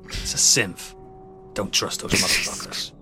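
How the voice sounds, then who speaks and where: A man's voice: a little slow, bright, forceful tone, soft background music. A man playing a tabletop game, talking in brash, profane banter. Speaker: player.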